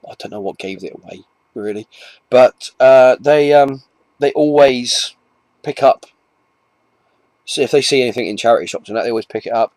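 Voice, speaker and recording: An English man talks casually to camera in a rambling, chatty way, circling back and restarting his sentences and dropping in self-mocking asides. His voice sits at an ordinary middle pitch, and the sound is close and dry with no room echo. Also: moderate pace, pauses often, a little mellow. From England. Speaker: comic collector vlogger.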